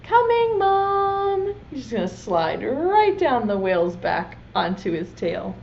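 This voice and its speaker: Woman preschool teacher, lively and slow, gentle questions to kids; slightly dull recording with faint hiss. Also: medium pitch, vocal fry. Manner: gentle, asks children questions. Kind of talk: reading aloud and teaching young children.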